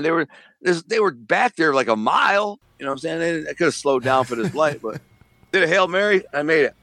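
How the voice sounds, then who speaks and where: A man, a former mob enforcer and author, telling animated, slangy stories in an interview. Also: medium pitch, no room sound. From Detroit. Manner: animated, streetwise storytelling with slang and acted-out dialogue. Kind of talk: casual storytelling interview.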